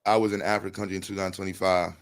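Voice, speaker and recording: A man's voice: deep voice, level tone, racing. A man hosting a casual live stream, talking in slang and reading chat messages aloud to answer them.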